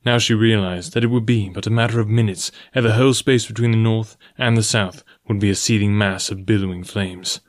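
Guy reading an old adventure novel aloud, steady even delivery, dry studio sound. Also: on the low side, a little fast, hardly any pauses, no room sound. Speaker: audiobook narrator. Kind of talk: scripted narration.

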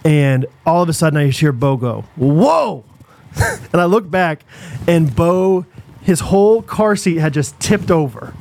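A young man, co-hosting a podcast, telling a long story in a rambling, animated way full of fillers and restarts. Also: a little high, normal speed, a little hiss or hum. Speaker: podcast co-host. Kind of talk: casual storytelling chat.

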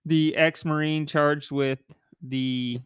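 A man's voice: fairly high pitch, fairly even intonation, fairly bright tone, smooth, no echo. A man hosting a casual podcast, talking in a joking, rambling way with a nasal voice. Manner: joking, rambling, quick asides. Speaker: podcast host.

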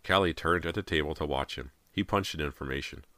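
A man reading a horror novel aloud in a measured, steady voice, close to the mic. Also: extremely low pitch, no echo. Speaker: audiobook narrator. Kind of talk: scripted horror narration.

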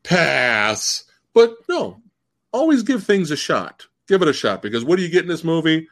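Excitable man with a wildly lively voice. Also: a little fast. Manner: excitable, swings pitch wildly, swears casually. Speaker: podcast guest. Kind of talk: casual movie discussion.

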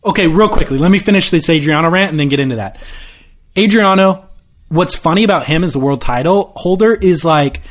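A man co-hosting a podcast, telling stories in an animated way with quick asides in casual chat. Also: a little high. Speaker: podcast co-host.

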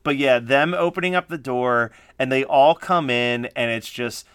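A man's voice: mid-range voice, moderate pace, fairly bright tone, clear, resonant tone, no echo, studio quality. A man co-hosting a casual podcast chat, laughing often and acting out quoted lines. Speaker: podcast co-host.

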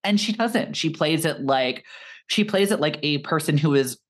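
A young woman co-hosting a film podcast, talking in an animated, articulate way, with lots of "like"s. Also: low-pitched, normal speed. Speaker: podcast co-host. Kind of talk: casual film-podcast chat.

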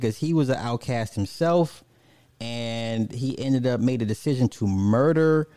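A man's voice: medium pitch, mellow, no echo. A man chatting casually on a live stream, reading out viewer comments and ranting, laughing often and swearing freely.

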